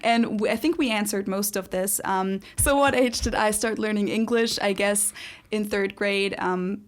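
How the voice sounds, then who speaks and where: A woman's voice: mid-range voice, fairly even intonation, normal speed. Chatty German woman in her twenties. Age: 20s. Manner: chatty, laughs easily, lots of "like" and "um". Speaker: podcast co-host. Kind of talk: casual chat.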